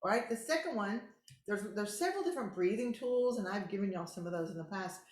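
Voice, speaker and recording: Lady host calmly walking folks thru relaxing tips, mid pitch, kinda echoey. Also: fast. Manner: calm, instructive, encouraging. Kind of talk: casual teaching talk. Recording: roomy echo.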